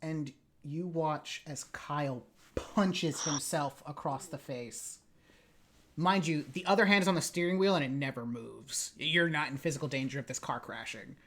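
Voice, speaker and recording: A woman narrating as game master in a tabletop role-playing game, casual and halting. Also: low-pitched. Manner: casual, halting, with many fillers and apologies.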